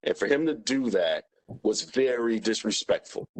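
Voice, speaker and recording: A man's voice: medium pitch, animated, moderate pace, low-quality recording. A man testifying as a witness, plain-spoken and emphatic, repeating his points. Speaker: witness, former union president. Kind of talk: testimony under questioning.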